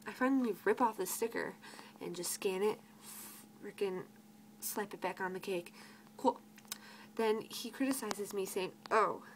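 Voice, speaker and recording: A woman's voice: medium pitch, poor audio. Teen girl, cashier vlogger, mid-range voice, sarcastic and fed up, swears a lot; light background hiss. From United States. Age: teens. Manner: exasperated, sarcastic, swears freely, quotes customers in mocking voices. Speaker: grocery cashier. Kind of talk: venting vlog rant.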